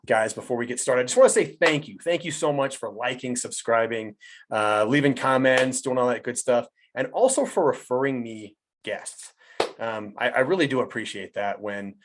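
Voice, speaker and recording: A man hosting a podcast, welcoming a guest in a relaxed, rambling way full of ums and uhs. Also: mid-range voice. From United States. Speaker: podcast host. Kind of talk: casual interview hosting.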